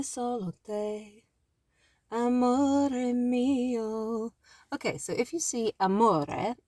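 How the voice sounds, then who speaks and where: A woman's voice: on the low side, a little mellow, no room sound. A woman language teacher giving a casual lesson, explaining step by step in a chatty way with apologetic asides.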